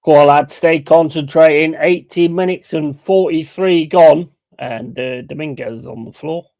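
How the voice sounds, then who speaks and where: A man hosting a football watch-along, calling play-by-play in a blunt, excitable and heavily sweary way. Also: on the high side, measured pace, gravelly. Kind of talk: live match commentary.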